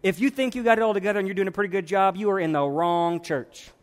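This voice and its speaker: A man preaching a sermon as pastor of his church, impassioned, swinging between hushed and loud. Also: high-pitched, fast talker. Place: church sanctuary. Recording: long reverb in a large church hall.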